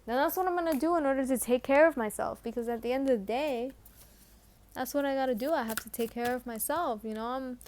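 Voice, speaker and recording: A woman's voice: sits high, fast talker, a little mellow, a little hiss or hum. A woman giving a casual tarot reading in a chatty way, full of fillers and restarts. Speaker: tarot reader.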